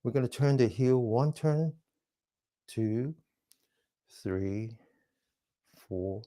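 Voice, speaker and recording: A man teaching a mindfulness class, calmly guiding stretches and breathing, counting slowly and dropping to a soft whisper on the breathing phrases. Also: mid-range voice. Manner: calm step-by-step instructions, counting slowly. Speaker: mindfulness exercise instructor. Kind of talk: guided movement and breathing class.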